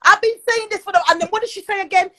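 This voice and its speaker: A woman, ranting loudly and profanely on a livestream, often close to tears. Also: very high voice, racing, no room sound. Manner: angry, loud and profane, often near tears. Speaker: live streamer. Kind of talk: heated livestream rant.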